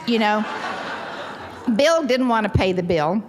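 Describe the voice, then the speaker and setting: A Texan woman in her sixties telling her personal story at a convention with wry, self-deprecating humor and sudden lively leaps in pitch. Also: measured pace, noisy background. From Texas. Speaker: convention speaker sharing her recovery story.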